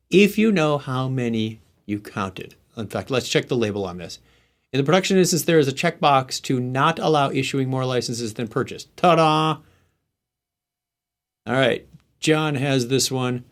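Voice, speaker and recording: A man hosting a casual live tech stream, talking himself through each step and trailing off into muttered asides. He has the hiccups, and his pitch sits in the middle for a man. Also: gravelly. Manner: thinks aloud while typing, muttering asides. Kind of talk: casual screen-share tech walkthrough.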